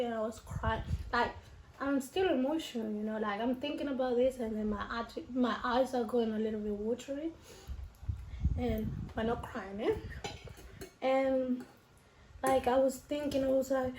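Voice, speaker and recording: A young woman vlogger with a high, unhurried voice tells a personal story at home while eating, in a rambling, emotional way full of fillers and restarts. The room sounds roomy, with faint noise.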